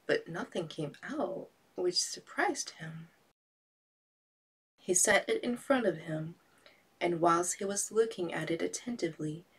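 A woman narrating a storybook tale in a soft voice that often sinks to a whisper. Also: fairly low pitch, husky.

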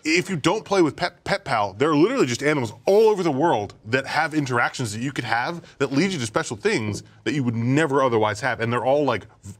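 Male podcast co-host, mid pitch, excitable and profane, casual chat. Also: quick pace. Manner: excitable, swears freely, laughs often.

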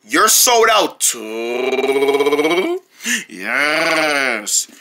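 A performer voicing a male store clerk who speaks in a low, very slow, drawn-out way in a homemade comedy skit. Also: sing-song, sharp tone, heavily acted. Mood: drawling.

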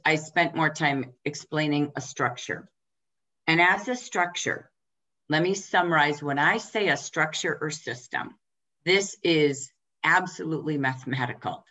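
A woman trainer giving a direct, emphatic coaching talk to team leaders, firing off quick rhetorical questions. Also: sits low, bright, forceful tone, low-quality recording.

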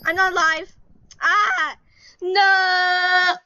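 A young woman commentating casually while playing an online game, chatty and excitable, breaking into panicked yells. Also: high voice, normal speed, slight background noise. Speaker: gaming channel host.

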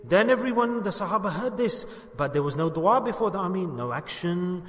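A man's voice: high voice, animated, fairly quick, fairly bright tone, big-room sound. A man giving an earnest sermon as a religious teacher, repeating phrases for emphasis and putting questions to his listeners.

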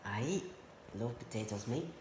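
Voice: mid-range voice, lively intonation, unhurried, natural voice. A vlogger putting on a jolly, sing-song stage-Irish accent to play a potato lover, recorded in a roomy space. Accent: put-on Irish. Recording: roomy echo, faint noise.

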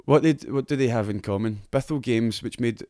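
A man's voice: mid-range voice, fairly quick, warm tone, dry recording, clean studio sound. A Scottish man co-hosting a casual gaming podcast, sweary and reading news items aloud. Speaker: podcast co-host.

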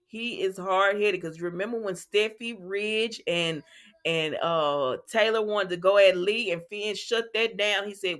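A woman hosting a soap opera recap, retelling scenes in a chatty, animated way with asides to her viewers. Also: medium pitch, moderate pace. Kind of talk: casual chat.

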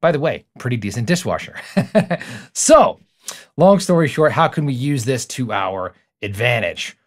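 A middle-aged man hosting a motivational podcast, his pitch sitting in the middle of the male range. He drives his points home with rhetorical questions and emphatic build-ups. He slips into personal stories with quick asides. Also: animated. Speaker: podcast host.

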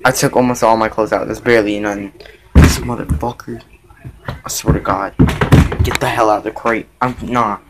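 A young man vlogging from a dark bedroom at night, swearing and exasperated as he hunts a bug in his clothes. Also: on the low side, steady tone, normal speed, heavy background noise. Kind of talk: casual vlog commentary.

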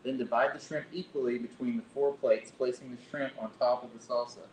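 A man's voice: steady tone, a little fast, a little mellow. A man hosting a live cooking demonstration, reading recipe steps aloud and chatting casually as he plates food. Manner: chatty, self-correcting, reads recipe aloud. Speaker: cooking show host. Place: library kitchen room. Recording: echoey kitchen with faint rumble.

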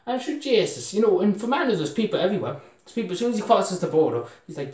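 Brief: young Irish man, lively up-and-down delivery, meandering comic yarn, roomy echoey room. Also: sits high, fast. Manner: meandering, full of fillers like "sure, Jesus", chuckles at his own jokes. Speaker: storyteller. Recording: roomy echo, mic far off.

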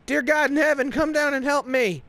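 A desperate, unhinged man wails his prayers skyward in a shrill, straining voice, as a storyteller acts him out. Each cry climbs high and pushes loud. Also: steady tone, moderate pace, no echo. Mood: wailing. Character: frantic man screaming prayers for help.

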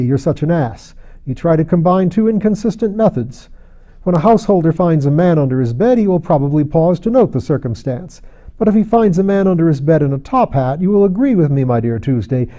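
A man doing a booming, jovial anarchist boss. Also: expressive, moderate pace, dark tone, close to an everyday voice. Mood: jovial, teasing. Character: hearty, mocking, boisterous older male anarchist chief.

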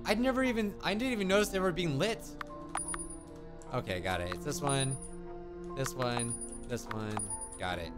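With game music running underneath, this gaming host jokes around playfully while playing in his let's-play commentary. His medium-pitched voice is animated and moves at normal speed, broken by long pauses.

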